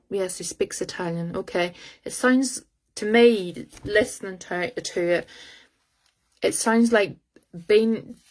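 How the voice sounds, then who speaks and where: Flat-toned woman doing a live reading. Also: on the low side. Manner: halting, searching for words aloud. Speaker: psychic medium. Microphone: phone.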